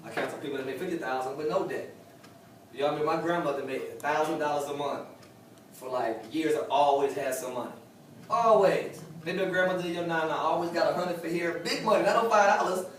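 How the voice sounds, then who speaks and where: Speaking fast in a steady, rather high voice, a man gives a preachy motivational talk to a room at a sales meeting, repeating his key lines for emphasis. The recording comes from a distant, echoey room with faint noise.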